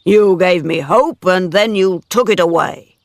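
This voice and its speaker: A man reader voicing a wounded, jealous farmer who speaks forcefully. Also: sits high, unhurried, no room sound, studio quality, voice pushed up. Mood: hurt. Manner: forceful, anguished. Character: wounded older male farmer, jealous and intense. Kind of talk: dramatic story reading.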